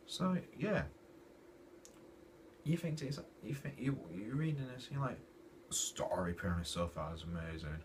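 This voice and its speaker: A man's voice: lowish voice, moderate pace, pauses often. A man reviewing a comic in a casual, exasperated rant. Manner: exasperated, ranting, animated. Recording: distant mic with noisy background.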